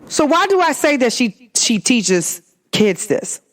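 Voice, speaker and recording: A woman's voice: on the high side, sing-song, slow pace, slight background noise. A woman hosting her own podcast, talking in a casual, emphatic monologue full of rhetorical questions. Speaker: podcast host.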